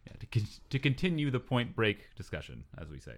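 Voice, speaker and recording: A man's voice: mid-range voice, sing-song, a little fast. A man who is a guest on a podcast, chatting in a laid-back way and laughing often. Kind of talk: casual podcast chat.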